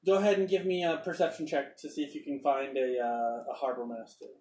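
A man's voice: medium pitch, level tone, fairly quick, darkish tone, distant mic. A man narrating as game master in a rambling, hesitant way. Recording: roomy echo, off-mic.

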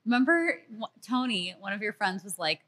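A woman's voice: mid-range voice, normal speed. A woman in her thirties hosting a podcast, chatting casually and acting out quotes as she tells stories. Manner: animated storyteller, acts out quotes. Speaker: podcast host. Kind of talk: casual chat.

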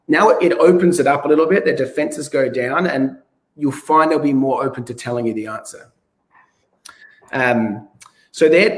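A man from Australia, a real estate coach giving advice in an interview, his voice a bit hoarse and often restarting sentences. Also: medium pitch. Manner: restarts sentences, stresses key words. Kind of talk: podcast interview.

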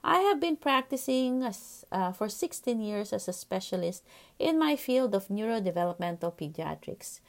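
A woman in her forties tells a personal story on her podcast, earnest and reflective, with an occasional soft "um". Her voice sits in a middle register and carries a noticeable gravelly fry. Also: mid-range voice, normal speed. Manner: earnest, reflective, steady telling with soft fillers. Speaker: podcast host, pediatrician.

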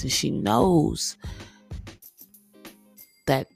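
A young woman with a gravelly, fry-laden voice tells a story to her podcast listeners in a loose, casual way. She is animated and keeps calling them guys and y'all, while soft music plays faintly behind her. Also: a bass voice, extremely slow, pauses often. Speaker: podcast host.

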